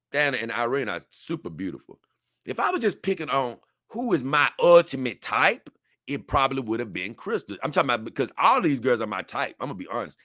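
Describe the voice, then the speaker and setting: Young man, livestream host, bright forceful voice, dry close sound, rambling, laughing. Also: mid-range voice, dry recording. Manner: rambling, animated, laughs often, reads chat aloud. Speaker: livestream host reading viewer comments. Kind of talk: casual livestream chat.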